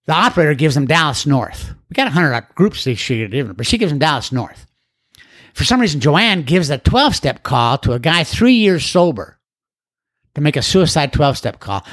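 With a fairly high, slightly bright voice, an older man recounts his recovery in a folksy, rambling, plain-spoken storytelling talk. He acts out the voices of the people he quotes.

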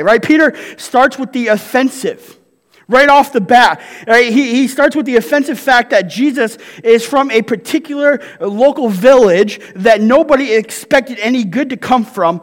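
A man's voice: very high-pitched, long reverb tail. A male pastor preaching a sermon in a conversational way, reading scripture and often checking in with the congregation with "right?".

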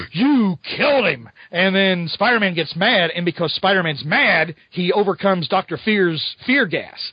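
A man's voice: sits high, husky, no echo, muffled recording. A man co-hosting a podcast, casually recapping a comic book with rambling, amused storytelling. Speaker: podcast co-host.

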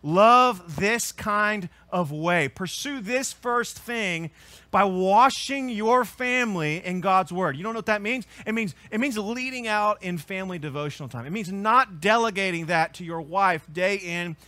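A male pastor delivers a sermon in a high, bright and forceful voice. He preaches earnestly, building to emphatic peaks before sinking low. The sound is close and dry, with no room around it. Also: expressive, a little slow, no room sound. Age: adult with children.

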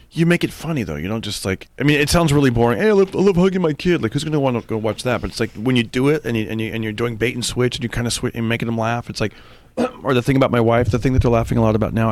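A man who is a stand-up comedian, telling stories in a rapid, animated way in casual chat. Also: mid-range voice, no room sound. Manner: rapid, animated storytelling with voices.

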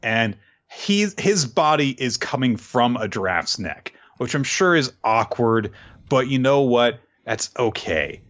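A man on a chat podcast who jokes and laughs his way through a recap and acts out the characters' quotes. His voice is bright and bouncy, swinging up and down in pitch. The recording sounds dull and lo-fi. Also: expressive, takes it slowly. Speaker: podcast co-host. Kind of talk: casual chat recapping an anime.

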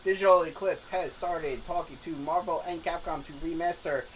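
A man's voice: a little high, steady tone, moderate pace, a little hiss or hum. A man co-hosting a podcast, reading gaming news and tossing in dry, teasing quips. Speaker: podcast co-host. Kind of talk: casual gaming news chat.

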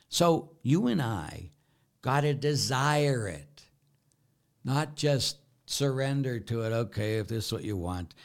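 With a gravelly, mid-range voice, a middle-aged Catholic priest preaches in a Q&A setting. His delivery is emphatic and full of rhetorical questions, moving back and forth between loud and soft.

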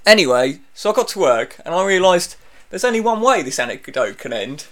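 A man's voice: sits high, big pitch swings, brisk, a bit bright. A British man telling a long anecdote in casual chat, wry and exasperated, laughing as he goes. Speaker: podcast co-host telling an anecdote.

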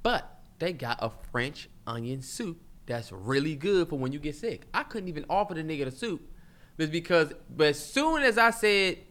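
Young male co-host, high and lively pitch, bright tone, defensive and profane in banter. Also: normal speed. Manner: indignant, defensive, swearing. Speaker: podcast co-host. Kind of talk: casual heated banter.

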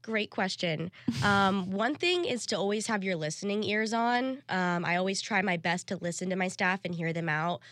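A woman's voice: mid-range voice, normal speed, few pauses, a bit bright, no echo, studio quality. A young woman answering interview questions in an earnest, professional way. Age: young adult. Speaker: guest.

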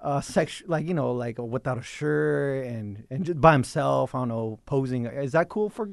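A man's voice: mid-range voice, gravelly, dry recording. Laughing male podcast host, dry close sound. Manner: laughs often, quick back-and-forth. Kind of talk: casual chat.

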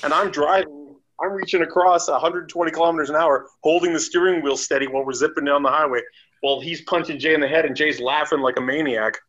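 A man's voice: on the high side, steady tone, fast talker, fairly bright tone, lo-fi sound. A man telling a long anecdote in casual chat, acting out quotes and laughing often. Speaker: guest storyteller.

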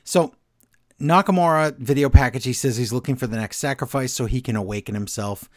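A male podcast co-host running through a wrestling show in a quick, casual recap, tossing in short imitations of what was said. His voice sits at a middling pitch and the recording is very dry, with no room sound at all. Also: no echo. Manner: quick recapping, acting out quotes in passing.

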